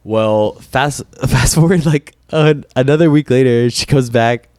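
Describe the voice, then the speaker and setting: A man on a casual podcast, telling a long story with lively swings and quoting himself in a higher voice. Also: measured pace, dry recording, studio quality. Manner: animated storyteller, voice jumps up when quoting himself. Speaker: podcast co-host.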